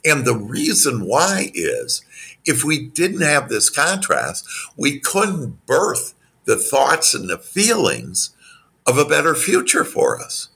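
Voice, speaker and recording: A man working as a business coach, giving motivational answers in an interview with spiritual self-help phrasing and animated delivery. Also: slow pace, gravelly, husky. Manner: animated, acts out quoted dialogue in a higher voice.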